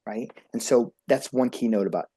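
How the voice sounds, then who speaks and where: A man's voice: medium pitch, normal speed, warm tone, breathy edge. A man speaking as a beauty industry coach who is a guest on a podcast. He talks eagerly and emphatically and runs on at length. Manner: talkative, enthusiastic, emphatic. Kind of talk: energetic motivational talk.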